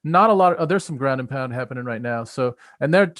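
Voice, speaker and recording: A man with an American accent, co-hosting a live stream and giving casual, excited play-by-play of a fight, full of filler words. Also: medium pitch, fast, dry recording, studio quality. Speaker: stream co-host.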